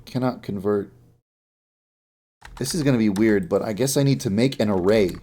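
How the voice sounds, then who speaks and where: Lowish and dark in tone, at normal speed, the voice belongs to a sleepy game developer. During a live-stream coding session he mutters to himself while working and throws in joking asides.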